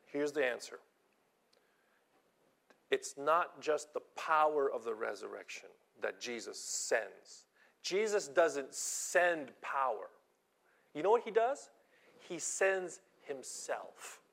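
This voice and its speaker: A man's voice: mid-range voice, animated, slow pace, creaky, pauses often, fairly bright tone. A man preaching a sermon earnestly, acting out the voices he quotes and often repeating himself.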